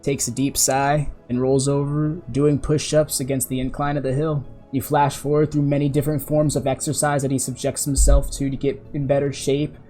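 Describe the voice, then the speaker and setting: A man's voice: medium pitch, level tone, normal speed, hardly any pauses, mellow, soft background music. A man narrating a tabletop role-playing game as game master, in a casual storytelling manner with frequent self-corrections.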